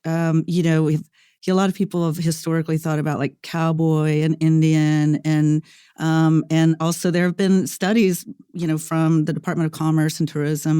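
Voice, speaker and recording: A woman host conducting an interview with an eager, easily amused manner. Her voice is smooth and mellow, and it sounds dry and close to the mic. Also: low voice, no echo. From Oklahoma. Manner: enthusiastic, laughs readily. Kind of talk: podcast interview.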